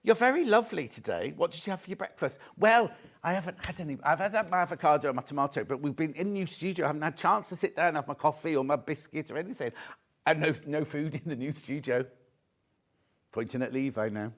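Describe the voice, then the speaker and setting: A man with a fairly high voice hosts a live television shopping show. He talks in a chatty, camp and jokey way. He also reads out viewer messages as he goes. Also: fast. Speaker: shopping channel presenter.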